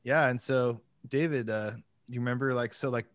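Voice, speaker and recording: A man talks in a chatty, eager way and often cuts in with "just real quick." His voice sits in a middle range. The sound is dry and close, with no room echo. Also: medium pitch, steady tone. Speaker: band member. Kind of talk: casual podcast chat.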